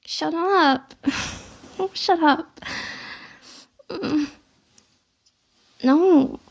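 Giggly, teasing young woman, high fry. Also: very slow. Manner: playfully bratty and coy. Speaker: audio role-play performer. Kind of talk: intimate audio role-play.

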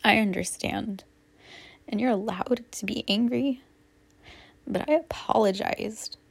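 Whispered role-play, woman, slow, gravelly, husky, apologetic and halting. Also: medium pitch. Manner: apologetic, soft and halting, with many restarts. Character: woman apologizing to her upset partner. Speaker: audio role-play performer playing a girlfriend.

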